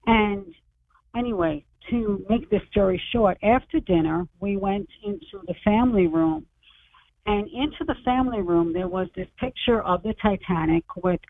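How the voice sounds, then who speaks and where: A woman in her sixties calls in over a thin, tinny phone line, her voice at an ordinary middle pitch. She tells her story with animation, acting out the dialogue of the people she quotes. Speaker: author and radio guest. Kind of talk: storytelling on a radio interview.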